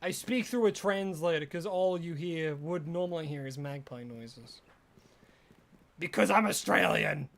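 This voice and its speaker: A game streamer rambling jokily during a live stream and bursting into excited shouts at lucky finds. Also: medium pitch, measured pace, vocal fry.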